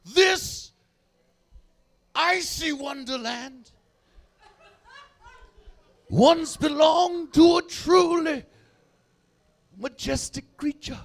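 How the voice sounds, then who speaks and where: A man imitating a solemn old British nature documentary narrator with a British accent, slow and hushed. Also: extremely high pitch, pitched above the performer's own voice, heavily acted.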